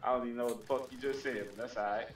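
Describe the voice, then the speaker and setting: A man's voice: medium pitch, steady tone, rapid-fire. A man streaming a shooter game, chatting casually and laughing with friends. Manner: laid-back, laughing, profane. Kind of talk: casual gaming chat. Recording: echoey, distant mic, noisy.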